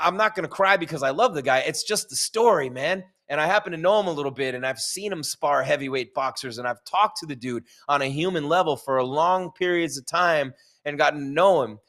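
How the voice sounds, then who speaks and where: An excited man giving live commentary on a fight result, emphatic and exclamatory. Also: fairly high pitch.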